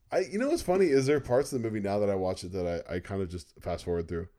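A man's voice: fairly low pitch, expressive, quick pace, warm tone. A young man co-hosting a podcast in casual chat. He rambles enthusiastically and uses a lot of fillers.

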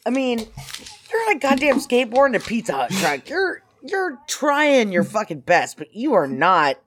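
A woman's voice: a little high, very animated, moderate pace, fairly bright tone. A woman co-hosting a casual comedy podcast, blunt and profane as she picks apart a movie scene. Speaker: podcast co-host.

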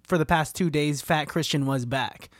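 A man's voice: fairly high pitch, moderate pace, no echo, studio quality. A young man co-hosting a podcast, joking and teasing his co-host in casual chat.

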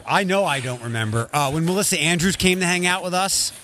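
A man hosting a radio show in the studio, running a silly game with playful teasing and quick restarts. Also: on the high side, lively intonation, heavy background noise.

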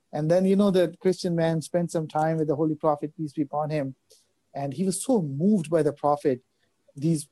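A man recounting a religious story in conversation, talking quickly with many fillers, restarts and repeated words. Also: a little high, warm tone, no echo. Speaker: religious guest speaker.

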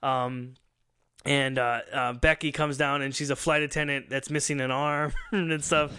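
A man's voice: mid-range voice, level tone, a little slow, pushed and bright, clean tone. A man hosting a pop culture show, casually retelling a story at length and acting out the lines he quotes. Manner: rambling storyteller who acts out quoted lines, laughs often. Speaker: podcast host. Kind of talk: casual chat.

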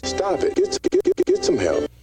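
A man putting on an exasperated voice that scolds in sharp outbursts. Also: high voice, wildly swooping pitch, moderate pace, recorded from a distance, music in the background, voice pushed up.

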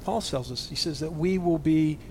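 A man preaching a sermon, animated and emotional, swinging between loud exclamations and hushed near-whispers. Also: fairly high pitch, moderate pace, a little hiss or hum. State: choked up with emotion. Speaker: pastor.

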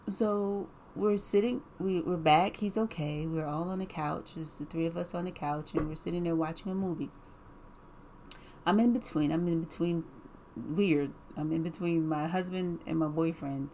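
A woman casually telling a personal story in an animated way, full of "like" and laughs. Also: on the low side, moderate pace, a little hiss or hum.

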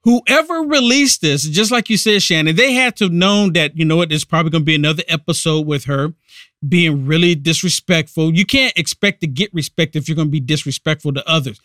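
A man's voice: a little high, fairly quick, a bit bright, dry recording, clean studio sound. A man hosting a political podcast, giving indignant, emphatic commentary. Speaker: podcast host.

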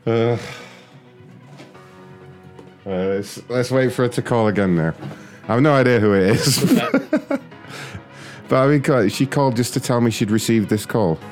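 A man's voice: mid-range voice, moderate pace, darkish tone, faint music behind. A young man making prank phone calls, laughing a lot and talking crudely with a mocking manner. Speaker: prank caller. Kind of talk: prank phone call, casual commentary.

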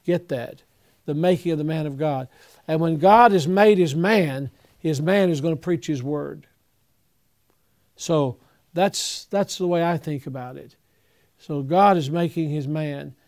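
Older man, pastor, earnest and folksy, slightly high voice, halting with fillers. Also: a little mellow. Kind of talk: Q&A talk to young preachers.

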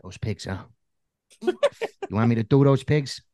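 A man voicing a gruff middle-aged New Jersey mobster who talks menacing and sweary. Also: medium pitch, normal speed, warm tone, no echo, studio quality, close to an everyday voice. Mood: swaggering. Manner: menacing, sweary tough-guy talk.

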